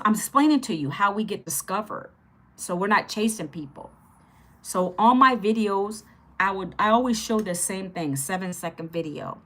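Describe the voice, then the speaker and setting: A woman in her fifties with a medium-pitched, slightly bright voice hosts a casual livestream teaching online income. She's chatty and upbeat, greeting viewers and repeating phrases as she teaches.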